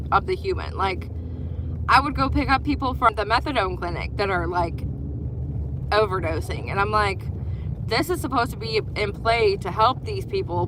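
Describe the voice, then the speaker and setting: A woman who used to be an EMT, telling stories in a rambling casual way with many fillers while in a car on the road. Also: mid-range voice. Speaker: former EMT vlogger. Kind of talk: casual storytelling. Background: car road noise.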